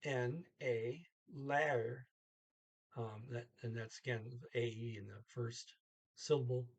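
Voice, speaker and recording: Slow, husky-voiced man tutoring. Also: mid-range voice, steady tone. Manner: slow, halting, thinking aloud with many pauses; sounds out foreign words carefully, then translates. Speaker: language tutor. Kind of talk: casual self-recorded language lesson.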